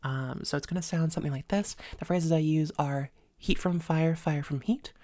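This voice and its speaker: Low, mellow-voiced woman teaching voice exercises. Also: normal speed, dry recording, studio quality. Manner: relaxed, hesitant with many fillers. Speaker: voice coach. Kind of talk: instructional voice lesson. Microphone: close microphone.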